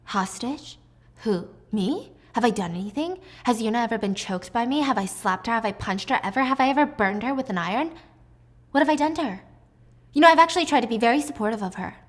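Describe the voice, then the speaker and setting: A woman voicing a cold, defiant female schoolteacher, speaking in a calm, measured and cutting way. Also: fairly high pitch.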